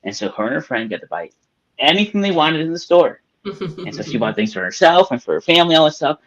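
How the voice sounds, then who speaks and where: A man's voice: fairly high pitch, sing-song, quick pace, a bit bright, lo-fi sound. A man co-hosting a spiritual live-stream discussion, reflective and storytelling, speaking in long winding sentences. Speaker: co-host.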